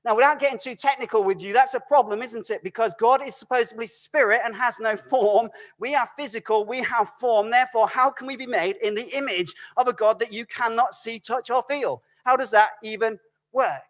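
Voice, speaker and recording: A man preaching as a guest speaker in a recorded video message, telling stories in a conversational, animated way and often correcting himself mid-sentence. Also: very high voice, brisk. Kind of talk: storytelling sermon.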